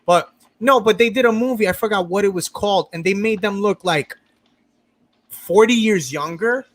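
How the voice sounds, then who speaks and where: A man with a fairly high voice hosts a loose group review. He talks in animated bursts, restarting and talking over the others. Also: normal speed. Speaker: podcast host. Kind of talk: casual group review chat.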